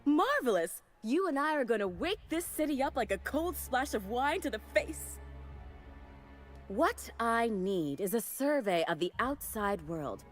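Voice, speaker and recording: A woman's voice: fairly high pitch, sing-song, unhurried, faint music behind. A woman voicing a flamboyant fashion designer in a video game, theatrical and doting, full of endearments. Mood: grandiose. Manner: grandiose, theatrical, showering people with endearments. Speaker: game character.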